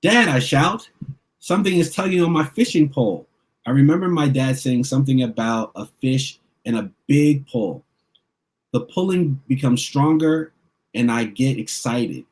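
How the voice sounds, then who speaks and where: A man's voice: mid-range voice, normal speed, a little mellow. A children's book author reading his picture book aloud, narrating expressively in the first person.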